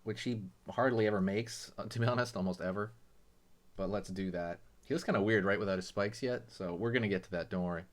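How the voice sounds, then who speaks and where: Casual low-voiced man teaching drawing. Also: brisk. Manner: relaxed, chatty, many fillers like "you know" and "right". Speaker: drawing tutorial host. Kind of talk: casual drawing lesson narration.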